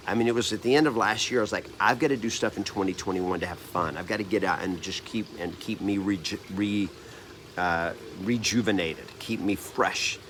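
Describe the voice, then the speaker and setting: A real estate trainer and coach in his fifties, his voice lowish and a bit bright, tells a personal story to camera. He's earnest and rambling, often restarting and correcting himself, with slight background noise.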